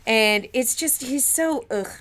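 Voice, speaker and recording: Playful young woman with a higher voice. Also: normal speed. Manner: animated, playful storytelling. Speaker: comic podcast co-host. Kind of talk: casual chat.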